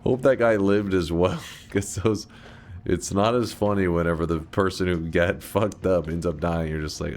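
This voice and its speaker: A man streaming a game, telling stories in casual, profane chat and yelling excitedly at the action. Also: low voice, moderate pace, slight background noise. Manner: profane, chatty storyteller who breaks into loud excited yells at the game. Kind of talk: casual gaming commentary.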